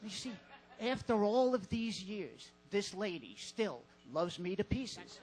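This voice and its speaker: A man doing a stand-up set in a comedy club, deadpan and halting with fillers. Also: sits high, over music, low-quality recording.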